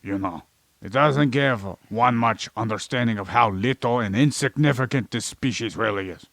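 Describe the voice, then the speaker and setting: A man with a gravelly, creaky voice holds forth in a comedic podcast chat, swearing freely as he rants and lectures. His voice sits in an ordinary middle range. The sound is dry and close, with no room around it. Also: mid-range voice, normal speed, fairly bright tone, dry recording. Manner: profane, ranting, lecturing; plays an alien persona in an ordinary voice. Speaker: podcast co-host. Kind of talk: rambling comedic science chat.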